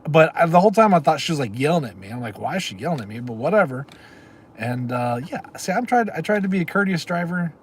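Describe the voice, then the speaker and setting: A man's voice: fairly high pitch, sing-song, fast talker, a little hiss or hum. Chatty man rambling on a livestream. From Texas. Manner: rambling, chatty, answers chat comments. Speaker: livestream host. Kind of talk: casual livestream chat.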